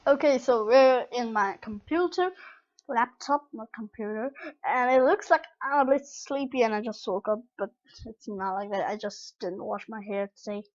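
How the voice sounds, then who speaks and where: A young woman with a high voice gives a casual tutorial. She rambles and keeps correcting herself as she goes. The sound is dull and lo-fi, like a laptop mic. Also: moderate pace. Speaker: tutorial vlogger.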